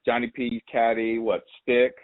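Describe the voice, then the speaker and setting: A man's voice: mid-range voice, completely flat delivery, measured pace. A man hosting a podcast, chatting with enthusiasm and asking follow-up questions. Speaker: podcast host. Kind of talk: casual interview chat. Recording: tinny phone-like audio.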